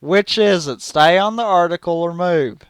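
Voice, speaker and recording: A man's voice: high voice, normal speed, smooth, no echo. A man co-hosting a casual gaming news show, reading articles aloud with dry impatience and stumbling over words.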